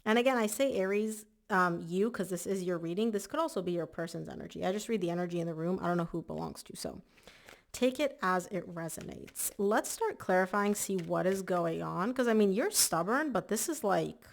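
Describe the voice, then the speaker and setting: A woman giving a casual monthly tarot reading in a chatty, emphatic way, slightly hoarse and clearing her throat. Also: fairly low pitch, animated, brisk. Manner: chatty, emphatic, repeats words for stress. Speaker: tarot reader.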